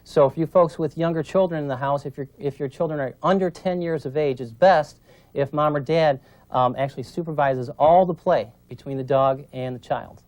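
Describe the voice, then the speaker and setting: A man's voice: a little high, normal speed, a little mellow, no room sound, muffled recording. A man demonstrating puppy training, explaining patiently and checking in with his student as he coaches. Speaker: dog trainer. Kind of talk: instructional demonstration.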